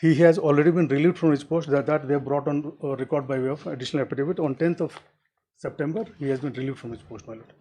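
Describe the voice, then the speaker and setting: A man's voice: on the high side, quick pace, warm tone, a little hiss or hum, low-quality recording. A man, an advocate making a formal courtroom argument to a judge and adding "my lord" to nearly every sentence. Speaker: advocate arguing before a bench.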